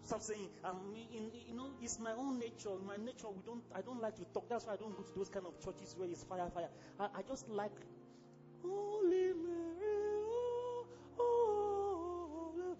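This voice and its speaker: High-voiced Nigerian preacher, fiery. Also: male voice, a little fast, few pauses, muffled recording, music in the background. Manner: fiery, exclamatory preaching with sudden shouts. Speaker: pastor. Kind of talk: sermon.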